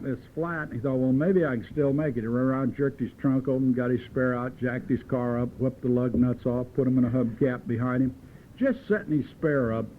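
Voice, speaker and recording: A man speaks at a recovery meeting in a folksy, wisecracking storytelling manner. His mid-range voice comes through a narrow, phone-like old tape recording. A faint hiss runs under it. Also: medium pitch. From Southern California. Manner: folksy, joking, earthy storyteller. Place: meeting room at a podium.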